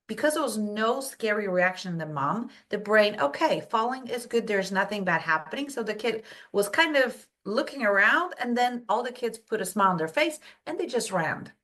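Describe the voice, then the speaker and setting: A woman's voice: moderate pace, hardly any pauses. A woman from Poland, a brain health coach, telling stories as a podcast guest and acting out quoted voices. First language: Polish. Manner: animated storytelling, acts out quotes in high voices. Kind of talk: casual podcast interview.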